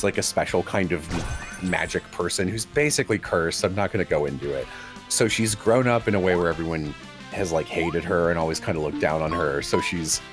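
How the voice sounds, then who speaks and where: A man co-hosting a livestream, chatting casually and telling animated stories with bursts of laughter. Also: low-pitched. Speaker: livestream co-host. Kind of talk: casual stream chat.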